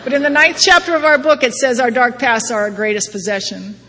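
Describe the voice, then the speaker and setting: A woman's voice: a little high, fairly even intonation, brisk, bright, forceful tone. A middle-aged woman giving a personal testimony talk at a recovery meeting, wry and self-deprecating, often laughing at herself. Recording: long hall reverb, faint background noise.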